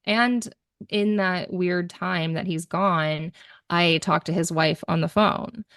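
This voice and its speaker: A woman's voice: on the low side, slow pace, fairly bright tone, no room sound, studio quality. A woman guest on a podcast, telling a personal story with animation and acting out the dialogue she quotes. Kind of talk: conversational storytelling.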